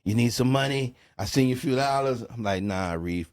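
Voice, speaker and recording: A middle-aged man from New Orleans, guesting on a podcast and speaking at an ordinary pitch. He tells his story in relaxed, casual talk, slipping "bro" and "man" between phrases and voicing each quoted line of dialogue as he goes. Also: a little fast. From New Orleans, USA. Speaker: music producer guest.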